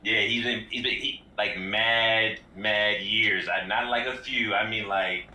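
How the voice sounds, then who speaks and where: A man's voice: fairly low pitch, fairly even intonation, a little slow, pushed and bright, slight background noise. A man chatting casually as a gaming friend, slangy and repeating himself. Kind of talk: casual chat. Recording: echoey room.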